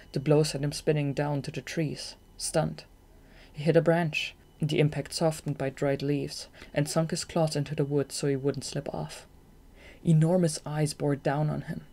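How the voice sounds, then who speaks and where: An audiobook reader narrating a fantasy novel chapter in a steady, even storytelling manner. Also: mid-range voice, vocal fry. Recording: home-recorded audiobook.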